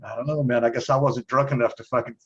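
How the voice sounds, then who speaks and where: A man's voice: mid-range voice, fairly even intonation, fast talker, lo-fi sound, a little hiss or hum. A man telling a long bar anecdote in a casual chat, swearing a lot and chuckling as he goes. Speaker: guest.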